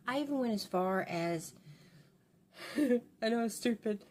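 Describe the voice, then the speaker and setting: A woman's voice: mid-range voice, big pitch swings, normal speed. Older female beauty vlogger, rambling and confessional as she styles her hair, faint noise behind. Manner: rambling and confiding, with many restarts. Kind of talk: casual chat while doing her hair.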